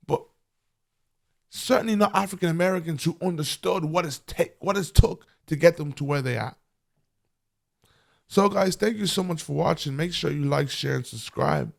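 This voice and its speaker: A man's voice: high-pitched, creaky. A man vlogging earnest, impassioned commentary to camera, preaching and repeating phrases for emphasis.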